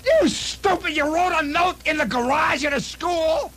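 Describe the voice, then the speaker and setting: A man voicing an enraged, exasperated father who shouts in a high, strained voice. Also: normal speed, exaggerated voice. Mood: furious. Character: furious bellowing middle-aged father, beer-spilling.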